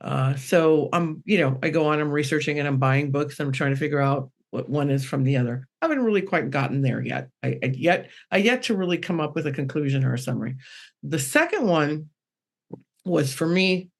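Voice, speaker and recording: A woman medium telling a personal story on a podcast panel, rambling and animated, acting out the quotes. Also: deep voice, a little fast.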